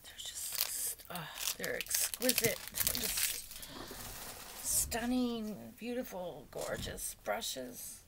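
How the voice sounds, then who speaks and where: A woman's voice: fairly high pitch, animated, slow pace. Awestruck, near-tearful woman beauty vlogger. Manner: awestruck, breathy, half-whispering, near tears. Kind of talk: emotional unboxing vlog. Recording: noisy home recording with packaging crinkles.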